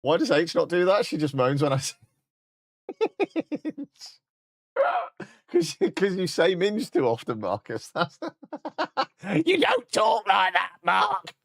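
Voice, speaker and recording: Male streamer, slow-talking, very expressive pitch, dry close mic. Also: dry recording. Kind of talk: casual live-stream chat while coding.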